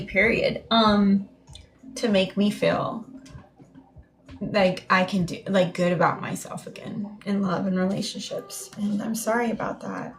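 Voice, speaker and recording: Meandering woman doing a tarot reading. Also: medium pitch. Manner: meandering, repetitive, heartfelt. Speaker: tarot reader.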